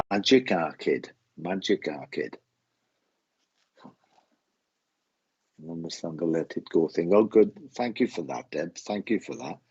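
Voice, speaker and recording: Halting, husky low-voiced man. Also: expressive, darkish tone, no echo, highs cut off. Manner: halting, repeats phrases, emotional. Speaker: psychic medium host. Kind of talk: live psychic reading.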